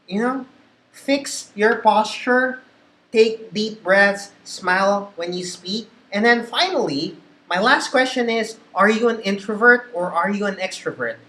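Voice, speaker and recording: Man, Filipino accent, call center trainer, slow and patient, echoey room. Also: sits high, pushed and bright. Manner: patient, repeats key points. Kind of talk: instructional talk.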